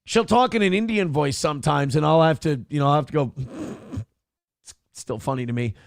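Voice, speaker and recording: A man's voice: fairly high pitch, normal speed, creaky, no echo, studio quality. A man hosting a morning show, talking in a crude, profane and mocking way as casual opinionated chat.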